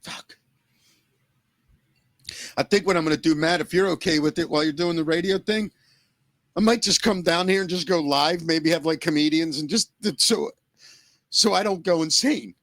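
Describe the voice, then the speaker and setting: Podcast co-host, man, earnest and shaken, tearful, bright tense tone. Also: on the high side, no room sound. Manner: earnest, emotional, swearing, halting restarts. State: close to tears. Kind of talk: emotional podcast talk.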